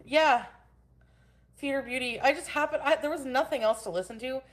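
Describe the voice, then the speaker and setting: Angry ranting woman streamer, higher voice. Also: normal speed. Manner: greets chat viewers by name. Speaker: livestream host. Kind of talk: casual livestream chat and rant. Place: at home.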